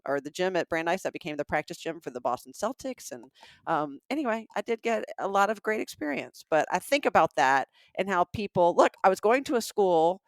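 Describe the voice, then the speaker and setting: Woman, fifties, Southern accent, chatty podcast co-host, laughs often, lowish voice, dry close sound. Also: dry recording. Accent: Southern American. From American South. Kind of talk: casual chat.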